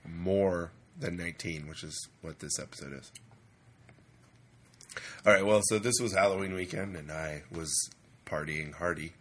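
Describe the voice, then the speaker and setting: A man hosting a podcast in casual chat, his voice hoarse from a weekend of screaming, joking and self-mocking. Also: low-pitched, moderate pace, pauses often, fairly bright tone. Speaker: podcast host.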